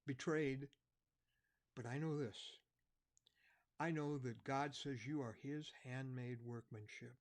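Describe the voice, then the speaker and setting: A man preaching an evangelistic sermon, earnest, dropping to a soft, quiet voice at key points. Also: medium pitch.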